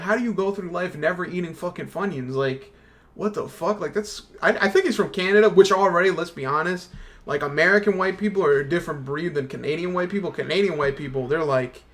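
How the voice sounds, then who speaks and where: Animated, slangy young man streamer. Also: on the high side. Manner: animated, profane, slangy ranting. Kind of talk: casual gaming stream rant.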